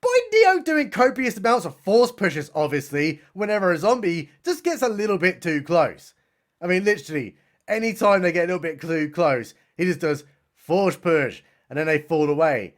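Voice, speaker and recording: A man's voice: high voice, big pitch swings, moderate pace. A young man giving a sarcastic, mocking comedic film recap. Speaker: film reviewer.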